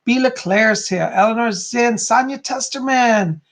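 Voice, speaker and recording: A man's voice: very high-pitched, a little slow, a bit bright. A man hosting a live psychic medium stream, chatting casually and greeting his viewers by name with an upbeat, friendly manner.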